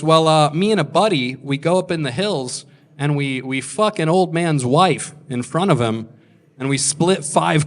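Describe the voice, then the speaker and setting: A man in his twenties telling a crude story on stage as a stand-up comedian, deadpan with sudden shouted punchlines. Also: a little high. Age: 20s.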